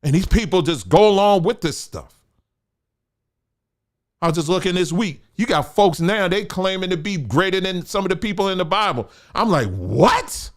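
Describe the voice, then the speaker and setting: In a high voice at a moderate pace, a man hosting a commentary show preaches emphatically to his audience. He calls them family and hammers points home by repeating phrases.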